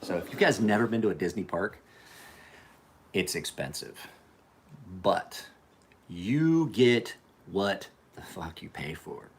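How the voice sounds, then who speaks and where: A man with a slightly low voice hosting a casual livestream. He rambles through personal stories with plenty of swearing and stops to greet viewers in the chat by name. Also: expressive, slow, long pauses, a little hiss or hum. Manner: loose, profane, rambling anecdotes. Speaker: livestream host. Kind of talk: casual storytelling to live chat.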